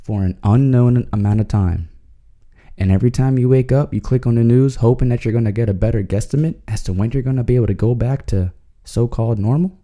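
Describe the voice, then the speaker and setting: A man's voice: medium pitch, fairly quick, warm tone. A man hosting a podcast, talking in a slangy, joking way and chuckling as he goes. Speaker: podcast host. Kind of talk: casual comedic monologue.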